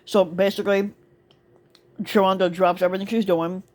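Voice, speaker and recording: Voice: mid-range voice, little pitch movement, normal speed, a little mellow. A store cart attendant telling a work story in a casual monologue, rambling with lots of fillers, restarts and swearing.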